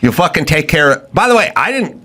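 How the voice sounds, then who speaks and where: A man's voice: fairly high pitch, big pitch swings, fairly quick, bright, forceful tone. A man hosting a podcast, ranting in blunt, profane and sarcastic commentary. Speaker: podcast host.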